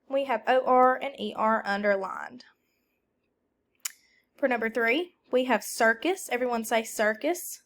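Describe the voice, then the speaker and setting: A woman teacher, speaking slowly and deliberately as she records a lesson for a substitute, calling out words for the class to repeat. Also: on the high side.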